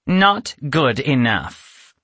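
A man's voice: mid-range voice, very animated, extremely slow, fairly bright tone, slightly rough, no room sound, full character voice. A man reading a storybook aloud and voicing a cruel, spiteful female witch who snaps and screams with menace. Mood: cold, accusing. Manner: snapping, menacing, bursts into screams.

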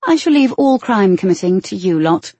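A curious, spirited young lady from a storybook, voiced in a brighter, questioning lilt, as a woman narrator puts her on. The tone stays husky and mellow, recorded close and dry. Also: mid-range voice, lively intonation, normal speed, no echo, close to an everyday voice.

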